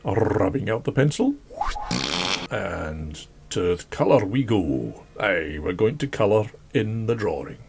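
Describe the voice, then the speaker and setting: Croaky, rambling man chatting while drawing. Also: on the low side, very animated, slow pace, background noise. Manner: rambling, chatty, self-deprecating, laughs often. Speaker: drawing channel host. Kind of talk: casual chat while drawing. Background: faint classical music.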